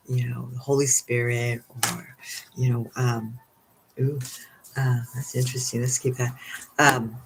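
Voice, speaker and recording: A spiritual card reader talks through an oracle card reading at home. The voice sits at a middling pitch, rambling and giggly, with many fillers. A faint hum runs underneath. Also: flat delivery, a little slow, rough recording.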